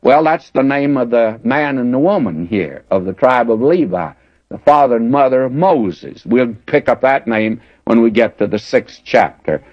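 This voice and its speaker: A man teaches Scripture verse by verse in a plain, folksy way, reading passages and chatting about them. His voice sits at an ordinary pitch. The recording is muffled and lo-fi, with a close, dry sound. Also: lively intonation, normal speed, no room sound. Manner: folksy, conversational explaining. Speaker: Bible teacher.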